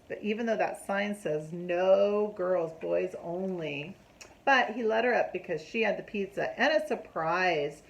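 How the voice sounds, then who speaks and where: A woman reading a picture book aloud to children in an animated way, stopping to ask them questions. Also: lowish voice, vocal fry, low-quality recording.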